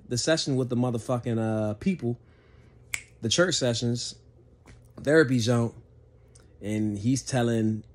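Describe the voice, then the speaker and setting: A man's voice: mid-range voice, a little mellow. A man giving a casual spoken movie review, laid-back and profane, rambling with frequent restarts.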